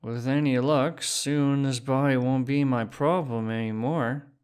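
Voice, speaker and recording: A man voicing a centuries-old being stuck in a drunk old man's body, talking carelessly and a bit loud. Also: medium pitch, fairly even intonation, measured pace, clean tone, pitched above the performer's own voice, close to an everyday voice. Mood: tipsy. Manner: slurred, careless.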